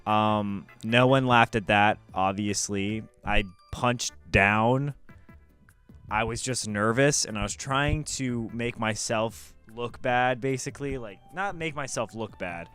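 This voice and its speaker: Young guy vlogging about his own set, candid and self-critical, smooth clear voice, soft music behind. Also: medium pitch, slow pace. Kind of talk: casual commentary on his own footage.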